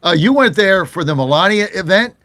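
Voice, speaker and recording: A man's voice: high-pitched, animated, a little fast, sharp tone, no echo. An American man hosting a political talk show, chatting casually and indignantly, often laughing.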